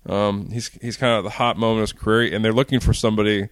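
Fast-talking low-voiced man protesting. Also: fairly even intonation, clear, resonant tone, no room sound. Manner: quick, protesting, indignant. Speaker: podcast co-host. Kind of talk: casual banter.

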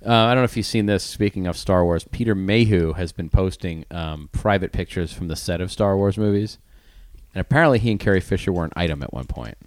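A man's voice: low-pitched, fairly quick, darkish tone, no echo, studio quality. A man co-hosting a podcast, joking and riffing in casual banter. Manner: joking, riffing, laughs often. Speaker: podcast co-host.

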